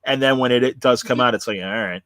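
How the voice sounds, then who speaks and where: A man hosts a casual talk show, meandering through his points with frequent fillers and false starts. His voice sits in an ordinary middle pitch and sounds dry and close to the mic. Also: fast talker, a bit bright, no room sound. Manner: rambling, many fillers and restarts. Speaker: host. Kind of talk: casual chat.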